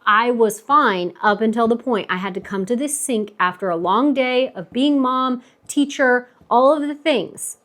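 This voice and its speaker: A woman's voice: a little high, a little slow, hardly any pauses, fairly bright tone. A woman in her thirties, a stay-at-home mom giving earnest, emphatic advice to camera, repeating herself for stress. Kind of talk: casual advice talk to camera.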